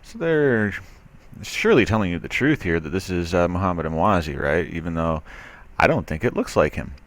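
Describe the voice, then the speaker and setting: Speaking at a normal pace, this man has a low, expressive voice. He hosts commentary videos and is reading out a news article, adding skeptical, sarcastic remarks in a loose style full of fillers and restarts.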